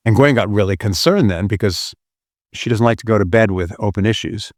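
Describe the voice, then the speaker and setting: Man, low voice, dry close sound, earnest storyteller, relationship podcast host. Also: brisk, dry recording. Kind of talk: teaching through a retold story.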